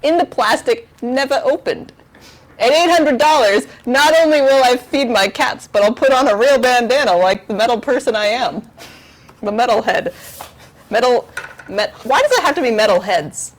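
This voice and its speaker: A slightly high, expressive female voice at a moderate pace comes from a charity livestream host in her home kitchen. She chats loosely on a lavalier mic, rambling, giggling and teasing herself.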